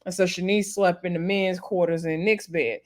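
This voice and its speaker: A woman giving a casual, gossipy recap of a reality show, animated and quick to laugh. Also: fairly low pitch.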